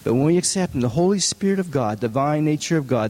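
A man preaching a sermon, putting questions to the congregation and stressing points with sharp rises in his voice. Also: animated, quick pace. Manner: asks the congregation many questions, rises in pitch for emphasis. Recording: long hall reverb.

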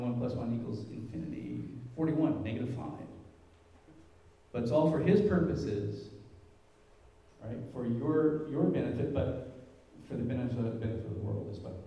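A warm, somewhat high voice belongs to a middle-aged man speaking informally at church as a lay speaker. His personal story rambles, with frequent fillers and restarts, and the echoey hall recording places him far from the mic.

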